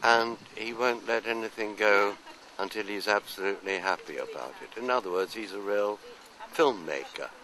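An older man from London, telling anecdotes and answering interview questions in an unhurried, rambling way. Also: on the low side, sharp tone, poor audio. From London, England. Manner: anecdotal, unhurried, trailing off into asides. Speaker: actor being interviewed. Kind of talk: casual interview chat.

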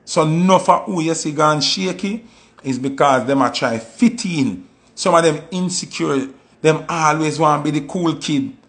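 A man with a Jamaican Patois accent, telling stories in a casual monologue and acting out quoted voices with sudden high jumps. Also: moderate pace, a bit bright. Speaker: commentator.

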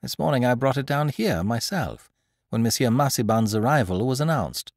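A man's voice: mid-range voice, expressive, normal speed, no room sound, studio quality. A man voicing a sad, resigned young noblewoman who gives polite, hesitant answers in an audiobook. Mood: answering.

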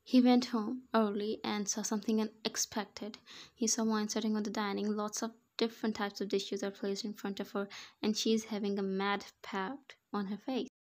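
A woman's voice: mid-range voice, flat delivery, moderate pace, a little mellow. A woman narrating an amateur fan fiction voice-over, reading evenly with small slips.

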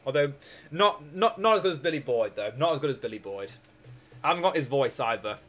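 A man's voice: a little high, sing-song, a little fast, a bit bright. A young Scottish man with a sore throat, chatting casually and joking while streaming a strategy game. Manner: rambling, chatty, jokey, laughs often. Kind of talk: casual live-stream chat.

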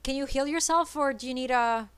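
A woman streaming a co-op game, chattering nervously and excitedly as she plays. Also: sits high, brisk, no room sound. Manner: excitable, nervous, switches between English and Italian. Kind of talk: live gameplay chatter.

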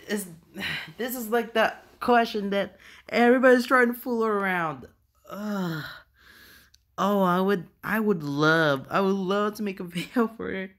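A man's voice: high-pitched, fairly bright tone. A man hosting a reaction video, laughing helplessly to the point of tears as he talks. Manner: helpless laughter, talking through giggles. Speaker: channel host.

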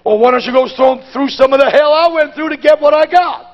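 At a conference, a man preaches a Pentecostal sermon in a folksy, plain-spoken style, swinging between hushed asides and shouted exhortation. His voice is very high-pitched and a little fast, and the recording sounds muffled.

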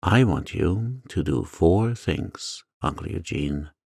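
A man voicing a brave, determined young girl in a storybook reading, in a steady, earnest way. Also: sits low, slow, creaky, slightly rough, dry recording, studio quality, exaggerated voice.

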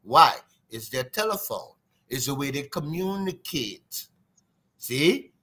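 Animated Trinidadian man, bright voice. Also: medium pitch, slow, breathy edge. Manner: lively, sing-song, imitates drum sounds. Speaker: guest drummer. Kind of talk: animated storytelling interview.

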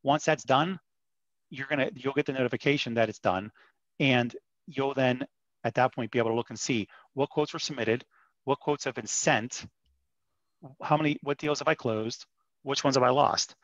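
A man's voice: medium pitch, normal speed, no room sound. A man presenting as a vendor in a webinar, upbeat and persuasive with frequent restarts. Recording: dull muffled dry audio.

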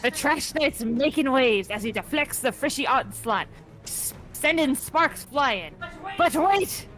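A woman's voice: high-pitched, expressive, slow pace, fairly bright tone, soft background music, exaggerated voice, rough recording. A woman voicing a swaggering pirate captain who announces a battle, in a hammy pirate accent that keeps breaking into giggles. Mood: boisterous. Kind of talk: reading an AI battle narration aloud.

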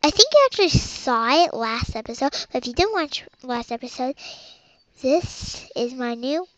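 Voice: high-pitched, expressive, normal speed, no echo. A child rambling through game commentary as host of their own let's play, with muttered asides. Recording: dull lo-fi home recording.

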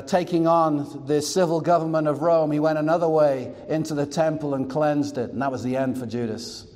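A man's voice: a little high, darkish tone, long reverb tail. A male pastor preaching a sermon in an emphatic, expository way with asides.

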